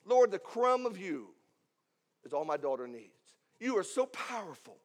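A man's voice: high-pitched, big pitch swings, unhurried, voice pushed down. A man voicing a desperate mother fervently pleading for a crumb of help within a sermon. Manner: fervent, rising to loud pleas.

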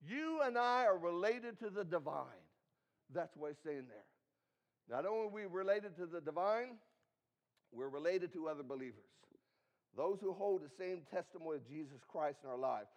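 A man's voice: fairly high pitch, expressive, moderate pace. A man preaching a sermon, reading scripture aloud and guiding listeners through their Bibles with emphatic, rising and falling delivery. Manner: reads scripture aloud and asks the congregation to follow in their Bibles.

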